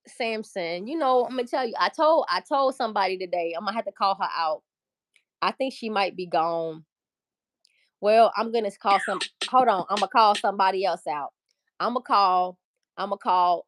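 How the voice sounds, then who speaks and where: A woman hosts a loose livestream chat. She talks in a candid, emphatic, profane way that wanders from point to point. Her voice sits at a middle pitch and sounds dry and close, with no room echo. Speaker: livestream host.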